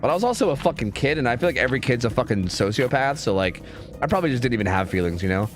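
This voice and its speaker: A man's voice: mid-range voice, sing-song, very fast, faint music behind. A man chatting casually with his stream viewers, rambling and swearing a lot, full of fillers. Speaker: streamer and game caster.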